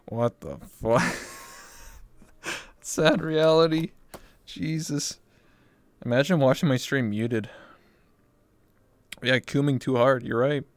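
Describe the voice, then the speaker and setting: A man in his twenties chatting casually on a livestream, excitable and swearing freely. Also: mid-range voice, slow, pauses often, no echo. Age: 20s. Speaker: VR chat streamer.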